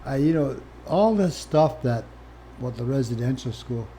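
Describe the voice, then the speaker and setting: A mid-range voice at normal speed belongs to an older Canadian man, once a First Nations chief, who tells his life story in an interview. He is frank and plain-spoken, swinging from quiet to animated, and there's slight background noise.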